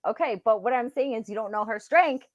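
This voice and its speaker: A woman's voice: a little high, a little fast, lo-fi sound. A woman co-hosting a casual true-crime podcast, giggling often and arguing back playfully. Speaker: podcast co-host presenting the case.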